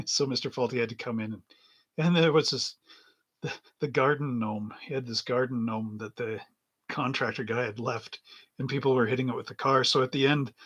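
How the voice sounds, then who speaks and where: A middle-aged man with a husky, slightly breathy voice chats casually on a livestream. He meanders from story to story and chuckles often while working at a hobby bench. His pitch sits in an ordinary middle range. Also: normal speed, a bit bright. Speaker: livestream host building model kits.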